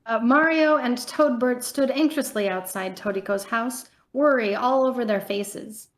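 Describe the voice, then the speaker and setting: A woman's voice: on the high side, unhurried. A woman reading the narration of a fan fiction aloud in a plain, matter-of-fact way.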